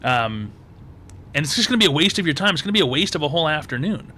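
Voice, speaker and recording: A man's voice: on the high side, big pitch swings, fast talker, pushed and bright, a little hiss or hum. A man hosting a call-in advice show, blunt and crude, hammering points home by repeating himself.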